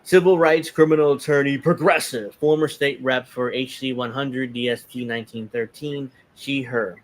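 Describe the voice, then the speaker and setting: A man's voice: medium pitch, steady tone, normal speed. A man hosting a casual political talk show, reading posts aloud in a mocking tone and commenting sarcastically. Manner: sarcastic, reads tweets aloud in mocking voices. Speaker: podcast host.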